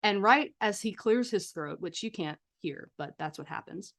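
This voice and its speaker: A woman's voice: mid-range voice, lively intonation, normal speed, fairly bright tone. Woman running a tabletop horror game. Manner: casual, cinematic scene-setting with fillers. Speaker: game master.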